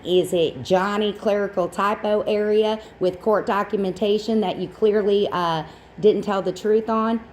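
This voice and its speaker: A woman's voice: mid-range voice, steady tone, measured pace, a little mellow, a little hiss or hum. A woman hosting a livestream, giving blunt, sarcastic, profane reaction commentary on clips. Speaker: stream host.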